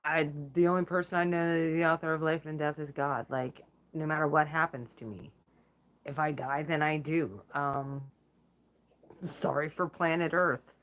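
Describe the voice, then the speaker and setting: A woman's voice: sits low, steady tone, moderate pace, fairly bright tone. A woman hosting her own channel, talking in a blunt, profane, casual vlog rant and laughing between remarks. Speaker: channel host.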